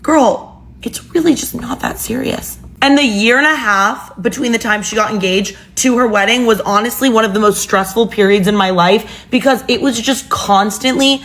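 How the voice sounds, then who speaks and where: A woman's voice: fairly high pitch, moderate pace, hardly any pauses, a bit bright. A young woman telling a personal story in a casual, chatty way with exasperated asides.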